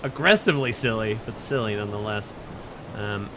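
A man's voice: fairly low pitch, lively intonation, fairly quick, very noisy. A young man streaming a game, chatting casually and joking to himself and his crew as he plays. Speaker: gaming streamer. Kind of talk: casual gameplay commentary.

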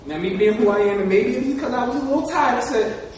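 Brief: high-pitched man from New Jersey, motivational speaker, heard from across an echoey hall. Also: fast, darkish tone, distant mic, a little hiss or hum. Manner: emotional, repetitive, storytelling. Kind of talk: live talk to an audience.

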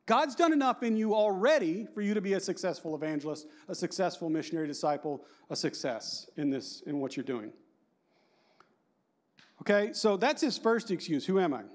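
A man in his fifties giving a lively, joking conference talk and quizzing the audience. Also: high-pitched, moderate pace. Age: 50s. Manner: animated and joking, asks the audience questions. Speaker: conference speaker.

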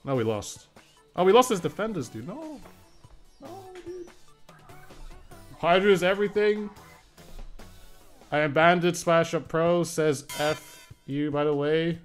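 A man's voice: on the high side, normal speed, soft background music. A young man streaming a video game, chatting casually, reading and answering chat and laughing often.

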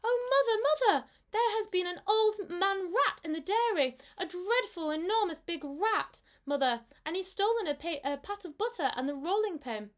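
A woman's voice: expressive, moderate pace, few pauses. A woman doing a panicky little kitten girl. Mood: frightened. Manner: breathless, high-pitched cries.

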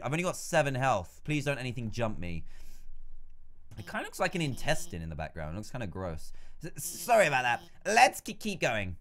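Excitable man narrating a game. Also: on the high side. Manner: excitable, exclaiming, chatty. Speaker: gaming YouTuber. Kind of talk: let's play commentary.

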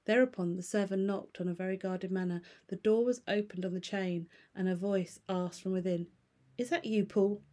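A woman teacher reading a novel aloud to a class in a steady, measured way with small stumbles. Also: lowish voice.

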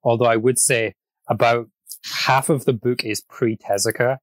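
A man hosting a casual podcast, chatty and quick to laugh, often restarting his sentences. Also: medium pitch, fairly even intonation, no echo. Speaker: podcast host.

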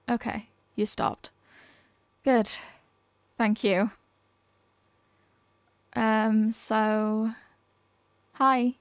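Shy yandere girl stammering slow and nervous, kinda high voice, dry close sound , a woman acting it out. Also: steady tone, dry recording. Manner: stammering, halting, anxious. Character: shy nervous obsessive young woman kidnapper. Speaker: ASMR role-play performer. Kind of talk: audio role-play.

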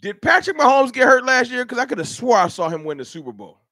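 High-pitched, fired-up fan show host. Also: male voice, big pitch swings, quick pace, bright, forceful tone, no echo, clean studio sound. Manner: heated, rhetorical, talks straight to chat. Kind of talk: animated live-stream sports rant.

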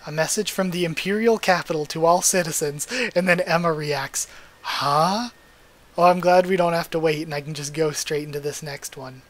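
A man's voice: a little high, steady tone, moderate pace, fairly bright tone, poor audio. Emotional man reading a manga aloud. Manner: emotional, tearful, chatty asides. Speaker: manga readthrough host.

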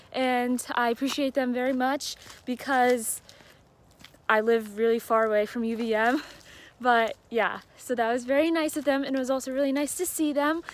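A woman's voice: high-pitched, steady tone, a little slow, a little hiss or hum. A young woman student recording a casual daily video diary, chatty and self-deprecating, often laughing at herself. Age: young adult. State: isolating with coronavirus, no symptoms. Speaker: student vlogger.

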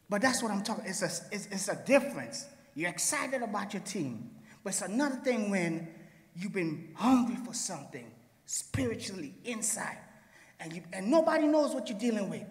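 A man's voice: sits high, very animated, normal speed. A man in a church Bible study speaking fervently in a preacherly way. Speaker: congregant. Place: church sanctuary. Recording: echoey church with long reverb.

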